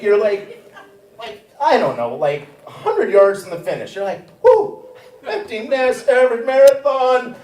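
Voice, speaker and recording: A man's voice: high voice, darkish tone, a little hiss or hum. A man in his fifties doing a stand-up comedy set on a theater stage, rambling along with many fillers and restarts. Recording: echoey room, picked up from a distance.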